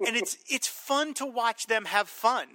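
A man co-hosting a podcast who recaps a TV episode and chats about it in a lively way, now and then mimicking lines from the show. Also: extremely high pitch, measured pace. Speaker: podcast co-host. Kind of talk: episode recap and casual chat.

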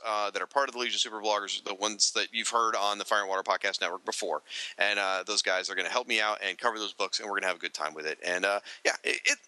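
A man's voice: fairly low pitch, sharp tone, no room sound, rough recording. A man co-hosting a podcast, reading listener feedback aloud with joking asides to the listeners. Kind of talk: casual podcast chat.

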